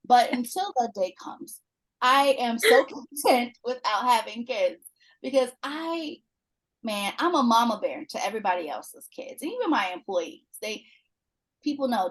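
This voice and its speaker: A woman in her forties from Chicago, chatting casually on a podcast and telling animated stories full of acted-out quotes. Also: fairly high pitch, measured pace, slightly rough, rough recording. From Chicago, USA. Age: 40s. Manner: animated storyteller who acts out quoted people.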